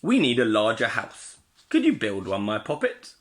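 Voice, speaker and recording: A man's voice: fairly low pitch, huge pitch swings, normal speed. A man voicing a lazy, demanding father pig who coaxes sweetly. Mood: coaxing. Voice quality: sweetly coaxing.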